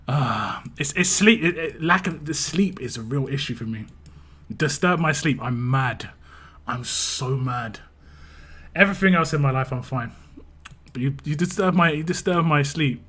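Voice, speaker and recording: An English man hosting a game livestream, telling rambling stories in a relaxed way, often restarting his sentences and chuckling. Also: fairly high pitch, unhurried, pauses often, breathy edge, soft background music. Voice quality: big, laid-back presence. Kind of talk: casual stream chat.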